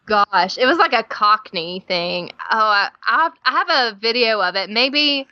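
A woman with a Tennessee Southern drawl, appearing as a podcast guest, tells animated stage stories full of laughs in casual talk. She speaks at a moderate pace and medium pitch, in a dry recording with the highs cut off.

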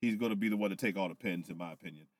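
A man on a podcast, casually recapping wrestling with loose, profane, animated storytelling, a little tipsy. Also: low-pitched, racing, no echo. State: tipsy from whiskey. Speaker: podcast co-host.

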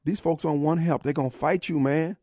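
Man, middle-aged radio host: high, lively pitch, combative mocking rants, dry studio sound. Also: brisk, dry recording. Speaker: radio talk show host. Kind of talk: opinionated talk radio monologue.

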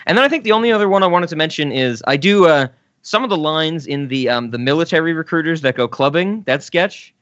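A man co-hosting a podcast, chatting casually about comedy sketches, laughing often and letting his words trail off softly. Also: fairly high pitch, lively intonation, fast talker, no echo, muffled recording. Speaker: podcast co-host. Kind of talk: casual chat reviewing sketches.

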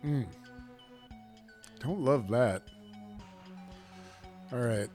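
A man playing a tabletop game, joking with the table and narrating his character's actions in a playful, drawn-out way. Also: medium pitch, darkish tone, soft background music. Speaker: player.

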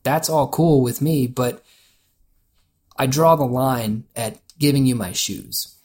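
A man's voice: medium pitch, slow pace, darkish tone, slightly rough. A man co-hosting a podcast, casually telling a story, laughing often and quoting people in a loose voice. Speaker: podcast co-host.

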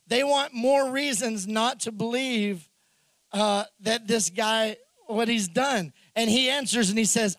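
A man preaching a sermon in an animated way, acting out the characters' lines in the story. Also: very high voice, a little slow, no echo. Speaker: pastor.

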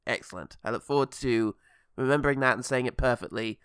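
A man's voice: medium pitch, brisk, fairly bright tone, clean tone, dry recording, clean studio sound. A man from England co-hosting a comedy podcast, playful and sarcastic, swearing freely. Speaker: podcast co-host. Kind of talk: casual comedic chat.

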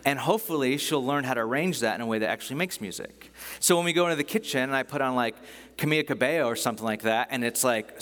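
A man's voice: mid-range voice, a bit bright. A man preaching a sermon in a conversational, enthusiastic way, often restarting his sentences. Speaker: pastor. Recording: long hall reverb.

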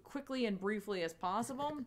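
A woman's voice: medium pitch, expressive, brisk. A woman co-hosting a podcast, chatting casually and rambling through a comic's plot with lots of "like" and "um.". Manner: rambling, full of "like" and "um". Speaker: podcast co-host reviewing comics. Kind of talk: casual chat.

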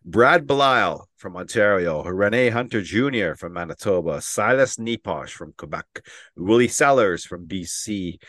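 A man's voice: lowish voice, lively intonation, measured pace, a bit bright, dry recording. A man co-hosting a casual podcast who laughs often and reads names off his phone. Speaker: podcast co-host.

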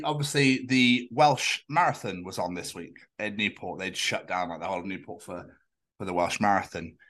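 A man with a Scottish accent co-hosting a podcast, an animated storyteller who swears freely. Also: mid-range voice. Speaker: podcast co-host. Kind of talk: casual chat.

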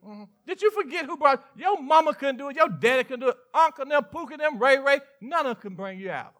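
A Southern man preaches from the pulpit in a high, forceful, bright voice. He teases his listeners with mock questions and quick asides, swinging between loud preaching and quiet confiding lines. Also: animated. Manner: preaching with call-and-response asides and playful mock dialogue. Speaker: pastor. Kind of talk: sermon.

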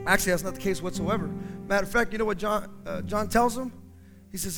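A man's voice: high voice, fairly quick, pauses often. A pastor preaching a fiery sermon in a church, acting out the voices of the people he quotes. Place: church sanctuary. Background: piano playing.

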